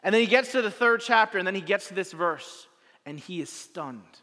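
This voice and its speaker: Bright, high-voiced preacher in a hall. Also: male voice, expressive, moderate pace. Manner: storytelling with dramatic swings from loud to hushed; repetitive rhetorical phrasing. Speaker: pastor. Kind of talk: sermon. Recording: long reverb of a large hall.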